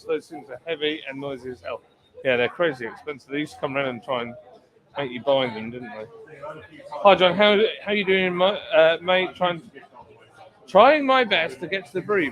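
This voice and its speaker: A man's voice: fairly high pitch, low-quality recording. A British man hosting a live stream from a brewery taproom, chatting casually, joking and greeting viewers by name as he reads their comments. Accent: British English. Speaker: stream host and taproom bartender. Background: crowd chatter.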